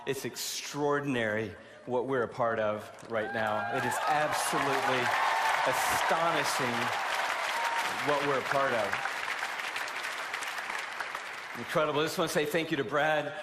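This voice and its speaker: Hosting a conference from the stage of a large indoor arena, a man with a mid-range voice speaks at a moderate pace in a gushing, loose, excited address full of fillers. The recording echoes with crowd noise around it.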